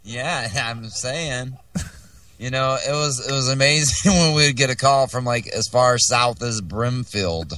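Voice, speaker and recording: Playful male guest, mid-pitched, dry, a bit distant. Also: unhurried, sharp tone, no room sound. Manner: laughing, playful. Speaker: in-studio guest musician. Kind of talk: casual chat.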